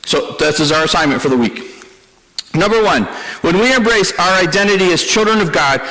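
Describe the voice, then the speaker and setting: A man's voice: sits high, animated, fairly quick, sharp tone. A man preaching a sermon as pastor, talking to the congregation conversationally, repeating key lines and joking at his own expense. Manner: conversational preaching with repetitions and self-deprecating humor. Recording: long hall reverb.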